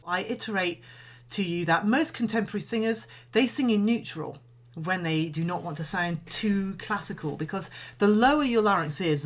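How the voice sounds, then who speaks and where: A woman singing coach giving a calm, measured voice lesson, explaining and demonstrating breathing exercises. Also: on the low side. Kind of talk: instructional voice lesson.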